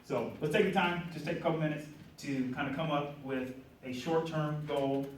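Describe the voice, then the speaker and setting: A middle-aged man giving an energetic motivational talk at a conference, often asking the audience questions. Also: on the high side, normal speed, slight background noise. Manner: energetic, asks the room questions. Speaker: conference speaker. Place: conference hall. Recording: roomy hall audio from a distance.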